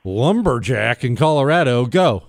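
A wound-up man hosting late-night call-in radio, firing off his points in quick, impulsive bursts. His voice sits at an ordinary pitch and is close and dry on the mic, with no room sound. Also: big pitch swings, no echo. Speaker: radio talk show host. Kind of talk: call-in talk radio monologue.

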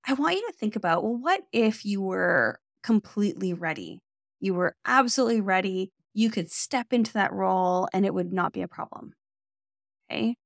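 A woman's voice: mid-range voice, no room sound, clean studio sound. A woman hosting a career podcast, giving encouraging advice alone and often checking in with "right?". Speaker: career coach podcast host. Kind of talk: solo podcast advice talk.

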